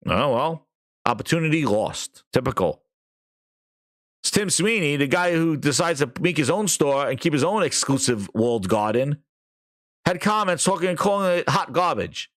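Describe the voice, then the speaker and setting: Sarcastic ranting man, higher voice. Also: expressive, normal speed, a bit bright. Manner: sarcastic, mocking, swears freely, acts out mock quotes. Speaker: podcast host. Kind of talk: ranting commentary.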